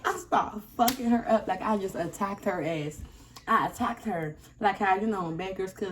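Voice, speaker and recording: Young woman vlogger, lively and profane storyteller, mid-pitched, faint noise behind her. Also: moderate pace. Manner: animated, profane, laughing storyteller. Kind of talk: casual storytime.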